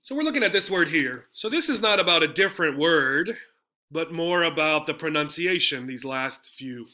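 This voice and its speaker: Bright-voiced man teaching English words. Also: a little high, expressive, normal speed. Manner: explanatory, frequent tag "right?" checks. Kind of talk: slide-based vocabulary lesson.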